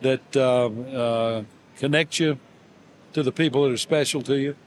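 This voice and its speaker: An older man, a guest in an interview, telling warm everyday stories in a halting, gently humorous way, with many fillers and restarts. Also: mid-range voice, fairly even intonation, a little hiss or hum. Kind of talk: reflective storytelling interview.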